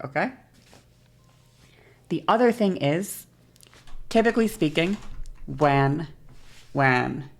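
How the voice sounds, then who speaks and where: A woman streamer explaining something casually, with a bouncy, varied delivery that speeds up and slows down and swears freely. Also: vocal fry. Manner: bouncy, varied pitch and shifting pace.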